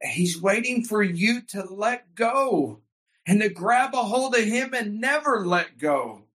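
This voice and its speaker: A man's voice: high-pitched, lively intonation, slow, a bit bright. A man preaching a sermon with fervor and emphatic repetition, calling his congregation by a Hebrew word. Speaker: pastor.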